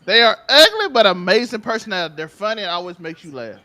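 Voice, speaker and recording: A man's voice: high-pitched, very animated, bright, forceful tone. A man running a keep-it-or-skip-it game in a casual group chat, announcing each round. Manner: upbeat, quick, announcing. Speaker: game host.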